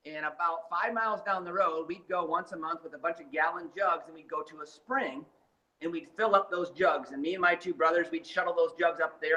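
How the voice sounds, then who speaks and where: Guy telling his success story, gets all fired up, bright punchy voice, kinda high. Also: poor audio. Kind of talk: motivational storytelling.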